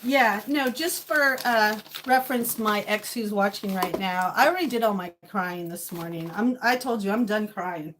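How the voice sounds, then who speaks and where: A woman with a medium-pitched, slightly bright voice talks at a moderate pace with hardly any pauses, over a little hiss or hum. Live-streaming from her home kitchen, she greets chat viewers by name and vents her feelings emotionally in casual conversation.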